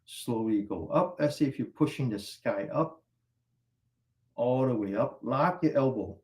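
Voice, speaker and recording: A man guiding a qigong exercise class, calmly cueing each stretch and breath step by step. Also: mid-range voice, unhurried. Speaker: qigong instructor. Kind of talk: guided exercise class instruction.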